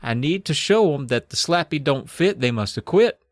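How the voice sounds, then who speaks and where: A man's voice: fairly high pitch, animated, moderate pace, no echo, natural voice. A mouthy teenage girl , as a man puts her on, brushing people off in cheeky slang. The voice is raised and bouncy, dry and close to the mic. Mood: brash. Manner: slangy, brash and blunt.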